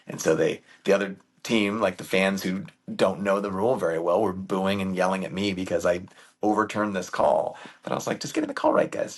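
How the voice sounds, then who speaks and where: A man who coaches youth baseball, talking as a guest in a casual, animated storytelling way. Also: deep voice, vocal fry, husky.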